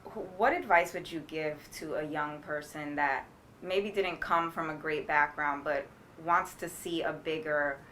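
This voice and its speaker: A woman reporter asks interview questions in a soft-spoken, warm manner. Her voice sits fairly low. Faint background noise hums behind her. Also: a little slow.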